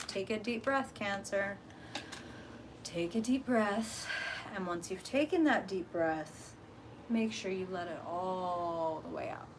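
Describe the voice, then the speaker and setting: Woman tarot reader on a live stream, mid-pitched, lively and casual, a faint hum behind her. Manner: animated, swearing, talks to chat viewers.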